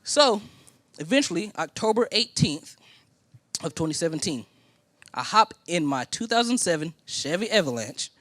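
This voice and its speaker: A man's voice: fairly high pitch, normal speed, dry recording. A man from Indiana preaching a sermon as a personal story, acting out the other people in it. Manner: animated storytelling, acting out quoted voices. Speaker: pastor.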